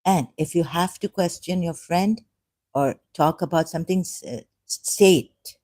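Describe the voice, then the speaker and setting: A native Urdu speaker, an ex-Muslim vlogger, talks through religious questions in a casual, hesitant monologue packed with fillers and restarts. The voice has medium pitch, a darkish tone and normal speed.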